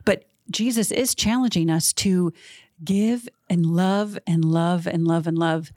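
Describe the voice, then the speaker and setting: A woman's voice: lowish voice, measured pace, mellow, no echo, studio quality. A middle-aged woman co-hosting a Bible podcast, sharing her thoughts in an earnest, enthusiastic way. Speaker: podcast co-host. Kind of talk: casual Bible discussion.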